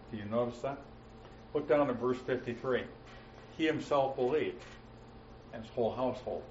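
A man teaching verse by verse through a Bible passage, with frequent "uh" fillers and slowing down to stress quoted words. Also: mid-range voice, a little mellow, slight background noise. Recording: roomy, muffled, mic at a distance.

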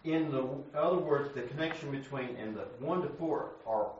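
A man's voice: medium pitch, moderate pace, darkish tone, very echoey, muffled recording, slight background noise. Distant male student asking in class. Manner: hesitant, checking his understanding. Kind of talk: classroom question.

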